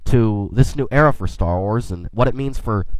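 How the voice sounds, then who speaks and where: A man's voice: fairly low pitch, moderate pace, darkish tone, dry recording, poor audio. A man hosting his own podcast, talking alone in a rambling, chatty way with folksy asides, a little sick. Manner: playful in-character space banter. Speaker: podcast host. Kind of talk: casual solo podcast monologue.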